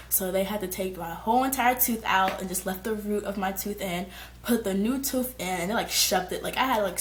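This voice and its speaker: Young woman vlogging a storytime, slangy and animated, kinda echoey room. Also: mid-range voice, a little hiss or hum. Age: young adult. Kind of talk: storytime vlog.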